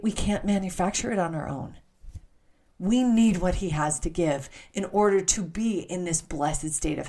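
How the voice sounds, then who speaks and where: A woman's voice: on the low side, mellow. A middle-aged woman giving an earnest, heartfelt personal faith talk, often stopping to correct herself.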